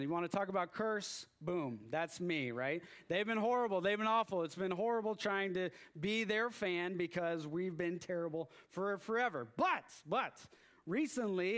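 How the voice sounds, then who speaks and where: High-voiced man preaching a sermon. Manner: storytelling with animated acted-out exclamations.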